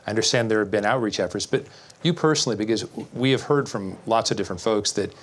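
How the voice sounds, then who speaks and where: A man's voice: fairly low pitch, fast. A man moderating a televised political debate, asking probing follow-up questions.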